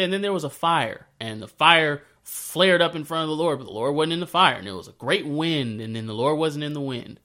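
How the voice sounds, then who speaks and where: A man telling a Bible story in a casual, slangy way, breaking into animated retellings of the scenes. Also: on the high side, fairly quick, hardly any pauses. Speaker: speaker sharing a faith story. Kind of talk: casual spoken reflection.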